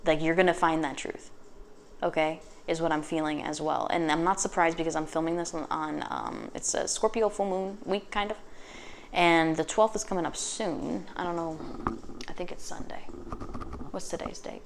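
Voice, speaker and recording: A woman giving a casual tarot reading, chatty and sassy, swearing freely and tossing off quick acted asides. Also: sits low, fairly even intonation, a little hiss or hum. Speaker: tarot reader.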